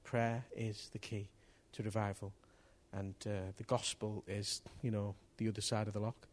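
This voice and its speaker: A man preaching a sermon to a congregation, impassioned and building to loud bursts. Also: fairly low pitch, flat delivery, moderate pace. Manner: impassioned, rising to loud outbursts. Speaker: pastor. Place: church hall with congregation.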